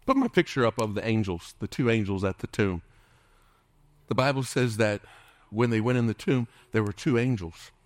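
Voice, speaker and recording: Middle-aged male pastor, lowish voice, dry close sound; impassioned preacher who drops into whispers. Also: lively intonation, moderate pace, dry recording. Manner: impassioned preaching, dropping at times to a hushed whisper; calls out to the congregation for responses. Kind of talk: sermon.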